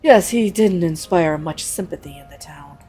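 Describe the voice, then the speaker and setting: A woman voicing an older male townsman who briskly shares town gossip. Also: on the low side, animated, mellow, soft background music, lightly acted.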